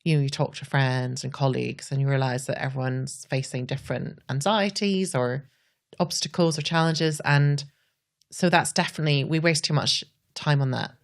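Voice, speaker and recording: A woman's voice: rumbling low, fairly even intonation, moderate pace, vocal fry. A Scottish woman, a podcast guest, talking earnestly and reflectively, often saying "like". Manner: earnest, says "like" a lot.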